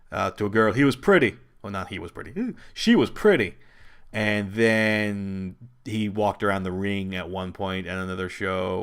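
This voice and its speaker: Running his own wrestling program, a man holds forth in long, loose commentary on his own. He's animated and rambling, frequently starts over, and shoots up in pitch each time he quotes someone.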